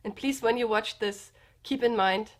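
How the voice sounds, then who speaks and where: A sick woman vlogger talking in a subdued, slightly sedated way, halting and restarting as she speaks from the floor at home. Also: fairly high pitch. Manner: halting, hesitant, with many restarts. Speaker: comedian and vlogger. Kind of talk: personal confessional vlog. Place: indoors, sitting on the floor with pillows.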